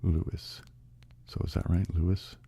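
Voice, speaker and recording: A man hosts a relaxed live ASMR stream, whispering right into a close microphone. His voice is very deep and dark, with a heavy gravelly fry. He talks to viewers softly between whispers. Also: moderate pace, slight background noise. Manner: alternates whispers with soft close speech, chats to viewers. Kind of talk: ASMR whispering and soft speaking.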